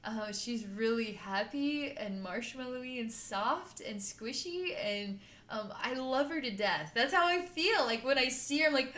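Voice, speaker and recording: A woman's voice: fairly high pitch, lively intonation, unhurried, few pauses, a bit bright, echoey room. A woman working as a psychic healer, guiding a distance healing session in an effusive, giggly, rambling way.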